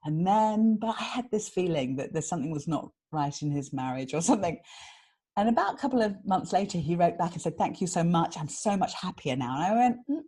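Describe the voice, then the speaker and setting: Lively, husky British woman telling stories. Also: lowish voice, fairly quick. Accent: British English. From England. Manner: animated, laughs often, acts out quotes. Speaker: guest, author and magician. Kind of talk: casual storytelling interview.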